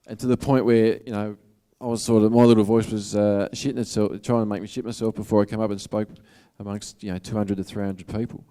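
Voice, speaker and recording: A man's voice: on the low side, little pitch movement, fast talker, hardly any pauses, mellow, clear, resonant tone. A man with an Australian accent giving a motivational talk to an audience, in a casual, earnest, conversational way. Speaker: motivational speaker.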